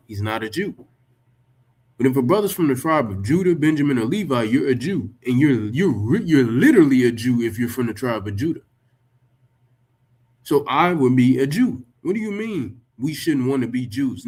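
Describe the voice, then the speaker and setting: A man's voice: mid-range voice, expressive, normal speed, darkish tone, husky. A man rebutting a text he reads aloud, talking emphatically, swearing freely and firing off rhetorical questions. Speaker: religious commentator. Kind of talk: reacting to and rebutting a written text.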